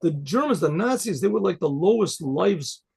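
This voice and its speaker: A man's voice: high voice, lively intonation, normal speed, darkish tone. A man, a rabbi, telling a story in a rambling, conversational way with frequent restarts. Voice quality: gravelly, husky voice. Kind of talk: storytelling talk.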